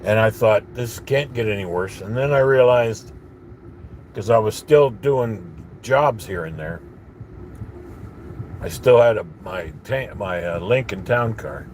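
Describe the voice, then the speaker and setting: A man with a fairly low voice rants bitterly in a casual monologue, coughing at times. He rambles and restarts his sentences. A faint hum of background noise sits under his voice. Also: animated, unhurried, a little mellow. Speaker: vlogger.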